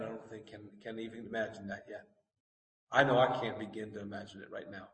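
A male pastor delivers a sermon in a large sanctuary, his voice ringing with long reverb as though caught by a microphone well across the room. He reads scripture with rising fervor and then slows into an earnest, deliberate teaching tone, circling back over his own words for emphasis. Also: on the low side, level tone, fairly bright tone. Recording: echoey hall, distant mic.

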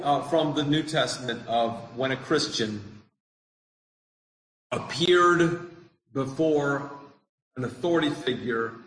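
A man's voice: medium pitch, fairly bright tone, roomy sound, low-quality recording. A man preaching a sermon, earnest, putting questions to the congregation. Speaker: pastor.

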